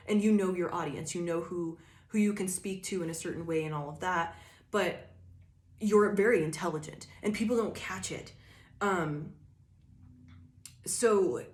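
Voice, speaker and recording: A woman's voice: lowish voice, roomy sound. A woman giving a casual tarot reading, swearing freely and rambling with lots of fillers. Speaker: tarot reader.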